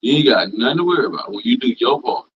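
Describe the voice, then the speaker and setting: A man's voice: mid-range voice, very animated, fast, noisy background. A man preaching an informal scripture class, reading verses and riffing on them in a folksy, repetitive vernacular. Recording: dull lo-fi sound.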